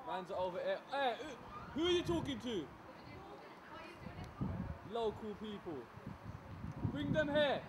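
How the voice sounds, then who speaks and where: A man's voice: very high-pitched, big pitch swings, unhurried, pauses often, background noise. A young man chatting in slang and joking around as he films a road-trip video diary from inside a car. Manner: slangy, chatty, jokey banter, lots of filler tags. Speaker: vlogger and performer. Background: loud music.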